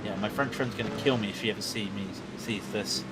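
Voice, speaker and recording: A man commentating on a sim racing stream, chatty and excitable with quick asides. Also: fairly low pitch, very noisy. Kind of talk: live race commentary chat.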